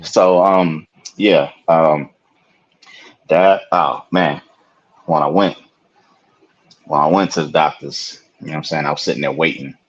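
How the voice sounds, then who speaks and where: A man with a very low, husky voice talks in a loose, rambling way, full of fillers and asides. He is a podcast co-host in his thirties. The audio is dull and lo-fi, like a remote call. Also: fairly even intonation, measured pace, pauses often. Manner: laid-back, rambling with lots of fillers and "you know what I'm saying". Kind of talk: casual podcast chat. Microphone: video call.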